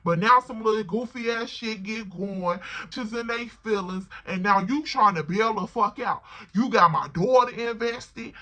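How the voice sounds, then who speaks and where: A woman's voice: fairly high pitch, measured pace, hardly any pauses, pushed and bright. A woman doing a hotheaded pushy young man. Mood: insistent. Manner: pushy, repetitive, cursing. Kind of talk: storytime role-play.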